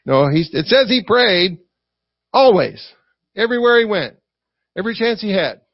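Man, southern accent, high voice, lively church sermon, dry dull lo-fi recording. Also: normal speed, no echo. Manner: lively, acts out quoted speakers, asks congregation for responses. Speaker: preacher.

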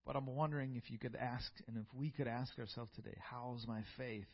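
A man's voice: medium pitch, steady tone, a little fast, highs cut off. A man preaching a sermon in a church, reading scripture aloud and building to fervent peaks.

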